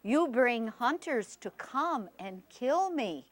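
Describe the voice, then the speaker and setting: Woman doing a magical male deer, dignified, slow and grave, gentle reproach. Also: fairly high pitch, lively intonation.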